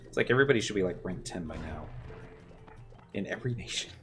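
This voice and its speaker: A man's voice: low-pitched, animated, fast talker. A man streaming a game, talking casually through it in rambling, muttered asides. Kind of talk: casual gameplay commentary. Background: faint game music.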